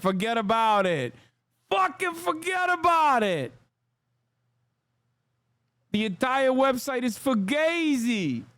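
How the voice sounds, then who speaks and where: A man's voice: very high-pitched, fairly bright tone, clear, resonant tone, dry recording, voice pushed up, exaggerated voice. A man voicing a brash Italian-American New Jersey tough guy who swaggers, curses and uses mobster slang.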